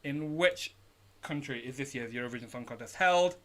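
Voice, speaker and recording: A man's voice: mid-range voice, lively intonation, moderate pace. A British man hosting a live online pub quiz, upbeat as he reads out questions, answer options and team names. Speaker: quiz host. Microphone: home streaming setup.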